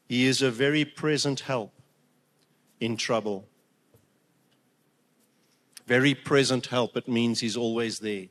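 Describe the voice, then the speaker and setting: A man's voice: mid-range voice, unhurried, long pauses, fairly bright tone. A man delivering a sermon to his congregation. He speaks with heartfelt emotion, stumbling over restarts and then building to emphatic peaks. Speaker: preacher.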